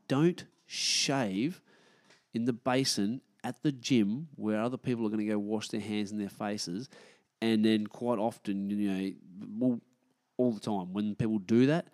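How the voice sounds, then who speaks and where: Ranting, foul-mouthed Australian man. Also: fairly low pitch. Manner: blunt, heavy swearing, gets loud when annoyed. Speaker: podcast host. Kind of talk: casual solo rant.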